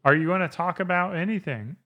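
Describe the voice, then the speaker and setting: A man's voice: sits high, fairly quick, highs cut off. A man in his thirties hosting a casual podcast, rambling with lots of fillers and easy laughs. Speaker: podcast host.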